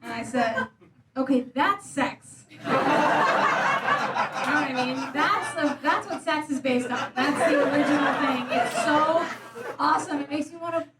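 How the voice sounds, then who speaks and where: A young woman works a comedy club crowd with a high, chatty, self-deprecating delivery. She sounds a little distant in a roomy space, and loud laughter rolls in around her. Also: a little slow, long pauses, very noisy. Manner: conversational, self-deprecating, jumps into acted quotes. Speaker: stand-up comedian. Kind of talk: stand-up set. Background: audience laughing.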